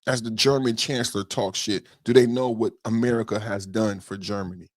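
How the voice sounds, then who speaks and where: A man hosting a podcast, giving political commentary in an indignant, profane rant that builds into shouting. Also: fairly low pitch, steady tone, a little fast, no echo, clean studio sound. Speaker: podcast host.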